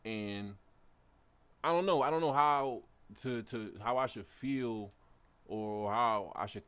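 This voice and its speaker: A man's voice: mid-range voice, slow pace, fairly bright tone, clean tone. A young man in his twenties, a podcast co-host, speaking in a reflective and hesitant way during a casual discussion. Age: 20s.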